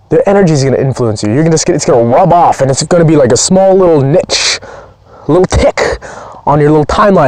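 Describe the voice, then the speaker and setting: A man's voice: fairly high pitch, a little mellow, no room sound. A man speaking as a performance coach, giving a blunt, profane, pumped-up motivational training talk.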